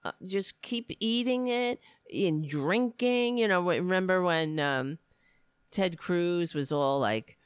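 A woman's voice: lowish voice, slow pace, clear, resonant tone, dry recording, clean studio sound. A woman hosting a podcast, delivering angry political commentary in a sarcastic, profane rant. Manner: sarcastic, profane ranting with mocking voices. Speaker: podcast host.

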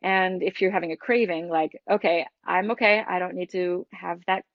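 Her voice on the low side and her tone steady, a middle-aged U.S. breathwork teacher chats at a normal speed as an interview guest, open and lively but frequently starting over. There's no echo; the lo-fi audio sounds dull and dry.

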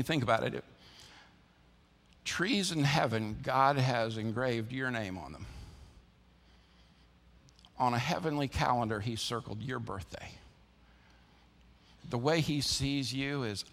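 A man's voice: mid-range voice, takes it slowly, long pauses, a bit bright. A man preaching a sermon in a church, drawing in his listeners with rhetorical questions and call-and-response. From American South. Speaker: pastor. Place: church building. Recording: church sanctuary with long reverb.

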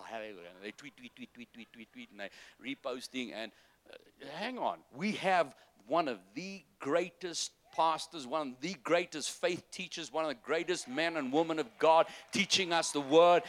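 Preaching man with big dynamic swings. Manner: preaching with big swings from loud exhortation to soft, low asides. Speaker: pastor. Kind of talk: sermon.

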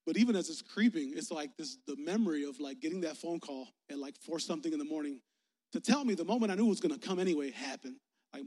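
High-voiced pastor preaching in a hall. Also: male voice, darkish tone. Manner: candid, emotional, talks straight to the crowd. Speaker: youth pastor. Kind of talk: personal, conversational sermon. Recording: long hall reverb.

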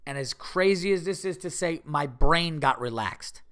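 Male comedian host, young adult, casual storyteller, loose and animated, lots of restarts, voice sits a bit high. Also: moderate pace. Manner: animated, rambling with many fillers and restarts.

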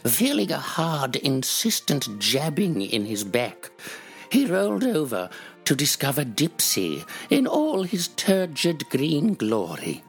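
A performer doing an impression of an elderly grand dame, reading her own fiction slowly and primly. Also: mid-range voice.

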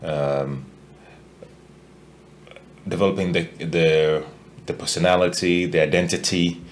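Deep, slow-talking man hosting a podcast. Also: fairly even intonation, slight background noise. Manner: halting, many fillers and restarts. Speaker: podcast host. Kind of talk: casual podcast chat.

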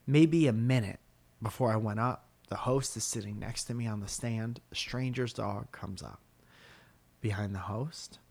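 Profane man telling a story. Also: mid-range voice. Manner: profane, animated storyteller acting out quotes. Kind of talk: casual chat, storytelling.

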